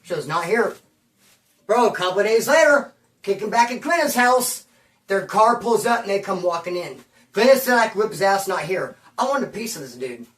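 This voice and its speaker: A man's voice: sits high, animated, normal speed, a bit bright, roomy sound, far from the mic. Casting: rambling slang-talking man, story monologue, mic set back from him. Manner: rambling slang-heavy street talk, acts out quoted voices. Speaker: storyteller recounting prison-life stories.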